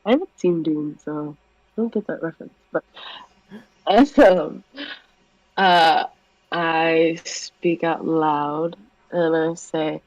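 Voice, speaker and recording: Tabletop player, slow unhurried speech, hesitant with fillers, dry close mic. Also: medium pitch, no room sound, poor audio. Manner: hesitant, lots of "um" and "I guess". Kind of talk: casual tabletop play.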